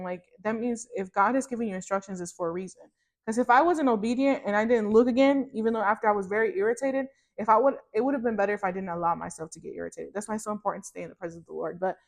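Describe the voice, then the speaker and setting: A woman in her thirties, a podcast host, telling a personal faith testimony in casual chat, animated and rambling with many fillers and restarts. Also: mid-range voice. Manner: animated, acts out her own reactions in quotes.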